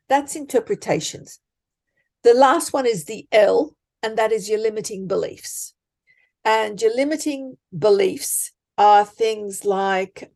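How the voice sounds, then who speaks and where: A woman explains her ideas in an unhurried, deliberate way. Her voice sits a little high, and she leans hard on key words. She is a life coach guest in a podcast conversation. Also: lively intonation, darkish tone. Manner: emphatic, deliberate, acts out example thoughts.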